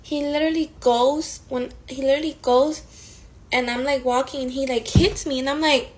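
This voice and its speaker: A woman in her twenties telling a storytime in a casual, animated way, swearing often and full of fillers. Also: high voice, normal speed, low-quality recording. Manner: profane, animated, frequent fillers.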